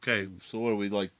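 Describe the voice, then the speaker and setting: A man's voice: lowish voice, fairly bright tone, dry recording. A man chatting casually as a player in a tabletop role-playing game.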